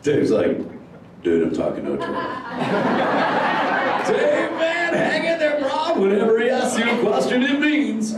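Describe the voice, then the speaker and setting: Crush, a chill surfer-dude sea turtle. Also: male voice, very high voice, wildly swooping pitch, unhurried, pauses often, very noisy, full character voice. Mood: stoked. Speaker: live interactive show character. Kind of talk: live improvised character show for an audience. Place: large indoor theater with an audience. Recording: echoey theater audio from far off, loud crowd.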